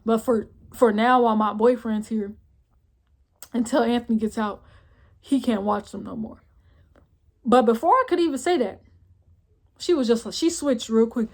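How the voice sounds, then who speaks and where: A young woman telling a personal story in a casual vlog, blunt and profane, often close to tears, tossing in "boom, boom, boom" as she goes. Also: moderate pace, pauses often. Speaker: vlogger.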